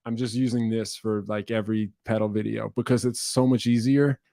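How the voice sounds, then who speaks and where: A man's voice: on the low side, level tone, brisk, gravelly, warm tone, no echo, clean studio sound. A man casually rambling through viewer questions at his computer, self-interrupting and wry, with a cough now and then. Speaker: music YouTuber answering viewer questions. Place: indoor room at his computer. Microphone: computer webcam setup.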